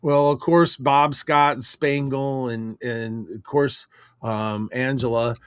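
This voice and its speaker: A man co-hosting a casual chat show, rambling and halting with many fillers. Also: medium pitch, fairly even intonation, clear, resonant tone, dry recording, studio quality. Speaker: co-host.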